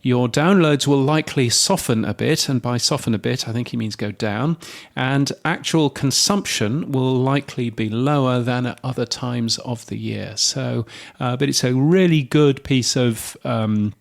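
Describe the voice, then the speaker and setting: A male podcast co-host with a gravelly, creaky edge to his mid-pitched voice. He chats casually, filling his sentences with ums and uhs as he talks through the week's items. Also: unhurried. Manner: chatty, many fillers.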